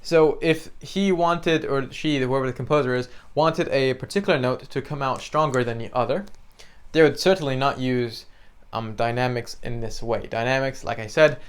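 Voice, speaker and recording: A man's voice: medium pitch, normal speed, clean tone. A young man teaching a beginner piano lesson in a casual, chatty way, often checking in with the listener and singing out the examples. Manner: chatty, explains with many "right?" and "you know", sings examples.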